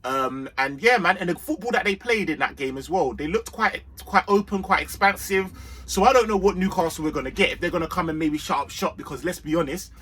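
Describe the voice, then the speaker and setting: A man talks through a football match preview for his fan channel, full of street slang and quick asides. His voice sits a bit high with a bright, forceful edge and a husky grain. He recorded it outdoors in the sun. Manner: London street slang, energetic and chatty. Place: outdoors in sunshine.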